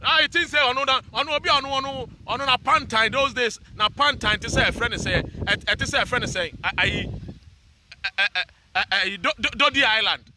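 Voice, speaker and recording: A man's voice: very high voice, brisk, sharp tone, a little hiss or hum. A man with a Ghanaian accent delivering a heated monologue rant, scolding and repeating his phrases for emphasis. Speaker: social commentator.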